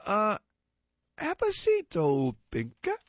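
A man voicing eager little aliens who host a banquet, with a squeaky, drawn-out way of talking. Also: huge pitch swings, no echo, full character voice. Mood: welcoming. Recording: muffled lo-fi recording.

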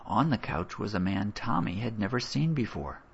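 A man narrates a story, his low voice gravelly and slightly husky. His telling rises and falls with lively expression. The recording is dull and lo-fi. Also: normal speed, a little hiss or hum. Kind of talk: audiobook narration.

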